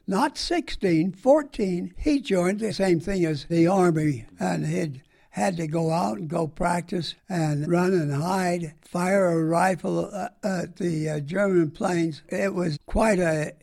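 A man's voice: high-pitched, slow pace, creaky, darkish tone. An older man from the United States, a war veteran, tells rambling, folksy stories in an oral history interview.

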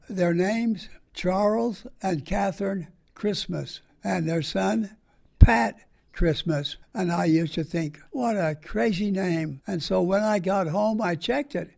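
A man's voice: sits high, vocal fry, darkish tone. An older man, a veteran, recalling his wartime years in a folksy, plain-spoken way for an oral history interview. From United States.

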